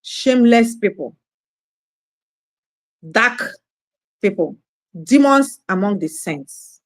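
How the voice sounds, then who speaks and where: A woman's voice: mid-range voice, very animated, slow pace, dry recording. A woman ranting in a scolding, preachy monologue, repeating her phrases. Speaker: online commentator.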